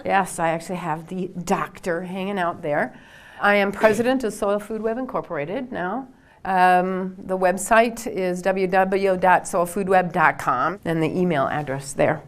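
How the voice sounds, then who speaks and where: An older woman from Minnesota with a Minnesotan accent, a soil scientist giving a lecture, emphatic and slowing down to stress her points. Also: fairly low pitch.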